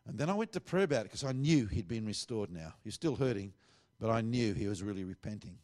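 A man's voice: on the low side, animated, fast talker, darkish tone. A middle-aged man, a pastor, earnestly telling a testimony and acting out the dialogue he quotes.

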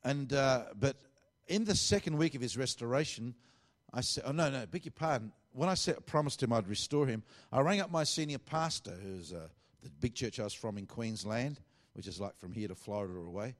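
Preacher telling a story. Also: male voice, mid-range voice, a little fast. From Australia. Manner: conversational, animated storytelling with quoted dialogue. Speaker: pastor. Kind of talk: sermon storytelling.

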